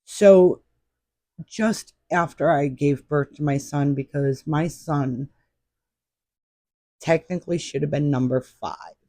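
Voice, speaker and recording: A woman's voice: low voice, slow, long pauses, no room sound, clean studio sound. A woman in her fifties, a podcast guest, telling stories in a chatty, anecdotal way. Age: 50s. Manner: warm, chatty anecdotal storyteller. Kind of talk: casual storytelling chat.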